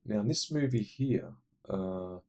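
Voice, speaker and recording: A man's voice: lowish voice, animated, measured pace, a little mellow, highs cut off, a little hiss or hum. A man rambling enthusiastically through casual film recommendations, full of fillers. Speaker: movie reviewer.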